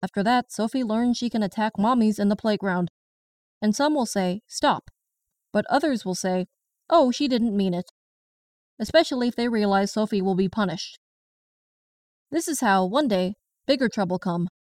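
A woman's voice: mid-range voice, normal speed, a little mellow, no room sound, close to an everyday voice. Stern Chinese grandmother, read by a woman. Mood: indignant. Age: 60s. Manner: broken English, blunt and indignant. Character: blunt, stern Chinese grandmother in her late sixties. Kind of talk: first-person audiobook narration. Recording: distant mic in a dry room.

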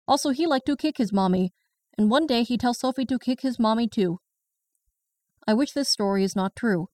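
A woman's voice: fairly high pitch, normal speed, darkish tone, no room sound, distant mic, close to an everyday voice. A woman voices a stern Chinese grandmother in her late sixties, speaking broken English with a Chinese accent. She tells her story bluntly and with plain indignation, in an audiobook style. The voice sits a little off the mic in a dead, dry room. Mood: indignant. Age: 60s. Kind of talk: first-person audiobook narration.

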